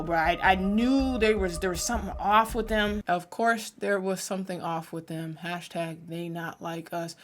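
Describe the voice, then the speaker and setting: A woman hosts a casual live sports reaction stream, her mid-pitched voice jumping from loud exclamations to quiet asides. She talks in loose slang with plenty of energy. Faint music plays underneath. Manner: animated, slangy, swings between loud outbursts and low mutters. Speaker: sports reaction channel host.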